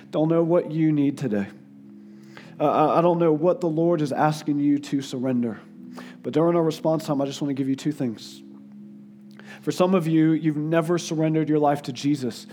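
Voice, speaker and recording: A male guest preacher giving an earnest sermon, sometimes emotional and dropping his voice softly for quotes. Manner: earnest, tearful in places, drops to soft low tones for quotes. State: crying at times.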